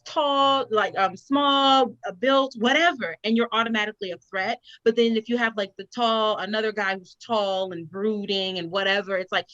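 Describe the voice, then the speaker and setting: A young adult woman hosting a casual talk, telling stories in an animated, expressive way. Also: medium pitch, normal speed, no room sound, highs cut off. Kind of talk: casual chat.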